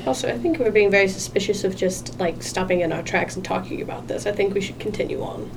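A woman playing a tabletop game, chatting casually with quick, giggly asides. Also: mid-range voice, gravelly, recorded from a distance, slight background noise, low-quality recording. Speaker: player.

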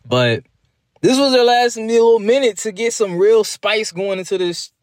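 A man talks in a loose, rambling way, recapping a wrestling show like he's chatting with friends. His voice sits a little high for a man, and it's recorded close and dry with no room sound. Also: lively intonation, no room sound. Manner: rambling, chatty, slips into quick mock voices. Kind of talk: casual recap commentary.

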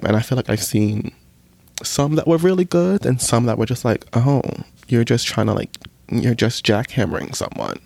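A man's voice: medium pitch, expressive, normal speed, gravelly, darkish tone, no room sound. A man telling a frank personal story in a chatty monologue, full of filler words and acted-out quotes of his own reactions.

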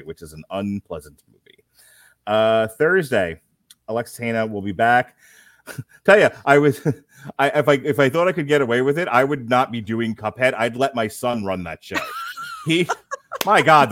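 A man's voice: mid-range voice, fairly bright tone, dry recording. A man hosting a casual chat show, joking and laughing often as he runs through the upcoming episodes. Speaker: podcast host.

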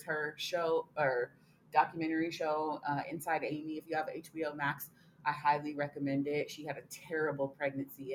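Deep-voiced blunt podcast co-host woman. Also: slight background noise, rough recording. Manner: blunt, swears casually. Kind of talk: casual chat.

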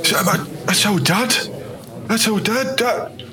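A man's voice: sits high, a little slow, sharp tone, low-quality recording. A man playing a crude, rowdy young man, the bride's son, who swears his way through the wedding speeches.

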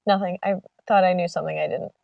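A giggly young woman co-hosting a podcast. She sounds set back from the mic, dry and muffled, with a lo-fi edge. Her voice sits at a middle pitch. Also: steady tone, fast talker, vocal fry, dry recording. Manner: giggly, tries out joking accents. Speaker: podcast co-host. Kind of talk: casual chat. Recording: dry, distant, muffled lo-fi audio.

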